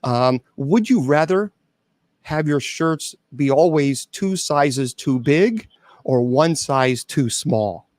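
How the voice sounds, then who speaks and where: A man's voice: a little high, animated, takes it slowly, a little mellow, no echo. A man hosting a casual, comedic chat show, joking around and often stammering and restarting his sentences. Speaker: show host.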